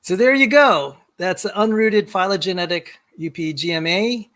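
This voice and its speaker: A middle-aged man walking through a software demo on a video call, rambling and self-deprecating, often repeating words as he starts a sentence. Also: high-pitched, normal speed. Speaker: guest. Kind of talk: casual screen-share demo chat.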